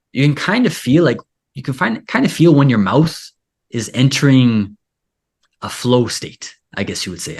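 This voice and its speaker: A man's voice: mid-range voice, breathy edge. A man hosting a casual interview, talking in a rambling way full of filler "like". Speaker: podcast host and Spanish teacher.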